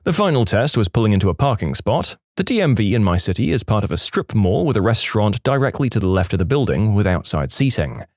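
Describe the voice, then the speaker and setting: A man reading reddit stories aloud, with lively storytelling and punchy asides. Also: fairly low pitch, fast, few pauses, no room sound, studio quality. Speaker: narrator.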